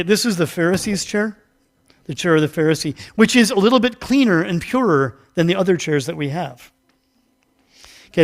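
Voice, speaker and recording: A man with a fairly high voice preaches a loose, conversational sermon in a church sanctuary. He chats with the congregation, pokes fun at his own mix-ups, and acts out the story with volunteers. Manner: chatty, self-deprecating, acts out the story with volunteers. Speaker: pastor. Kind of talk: casual interactive sermon.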